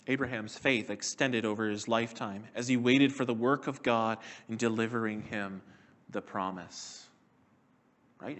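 A man preaching a sermon in a measured, earnest way, slowing and dropping his voice to stress key words. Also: on the low side, fairly bright tone.

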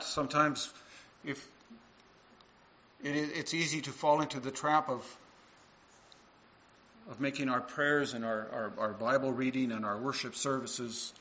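A man's voice: medium pitch, pushed and bright, rough recording. A male minister preaching a sermon to his congregation, earnest and full of rhetorical questions.

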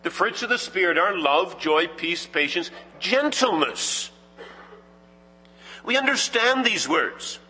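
Male pastor, high bright husky voice, slow deliberate sermon delivery, church hall reverb. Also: animated. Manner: measured, emphatic preaching with rhetorical questions. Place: church sanctuary.

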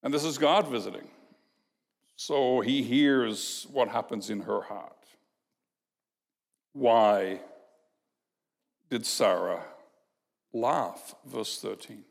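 A man preaching an expository sermon as a pastor, teaching in an emphatic, measured way and posing rhetorical questions to the congregation. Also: medium pitch, gravelly. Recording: long reverb of a large hall.

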